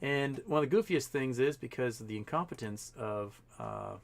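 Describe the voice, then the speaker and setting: A man's voice: mid-range voice, lively intonation, moderate pace, slight background noise. A man hosting a casual livestream, rambling through commentary with lots of fillers and the odd profane aside. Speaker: livestream host.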